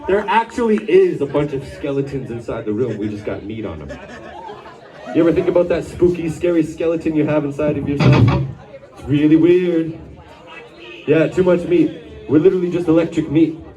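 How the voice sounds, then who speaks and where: A man's voice: on the high side, mellow. Goofy man bantering at a gig. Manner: goofy, rambling jokes with the crowd. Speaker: band frontman. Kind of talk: on-stage banter between songs. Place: live bar gig. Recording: distant room mic over crowd and band.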